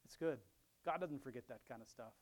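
A middle-aged man preaching at a mid pitch for a man. He reads Bible verses out loud and then drops into relaxed, chuckling asides between them. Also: fairly quick. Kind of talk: Bible reading with commentary.

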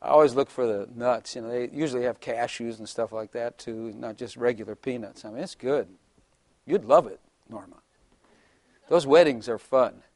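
A man's voice: medium pitch, moderate pace, darkish tone, dry recording. An older man, a pastor, giving a humorous, chatty sermon, often laughing and acting out little voices.

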